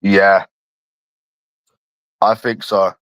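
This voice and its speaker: A man's voice: low voice, flat delivery, drawn-out words, a bit bright, no room sound. A man from London chatting casually on a livestream, rambling and addressing a viewer by nickname.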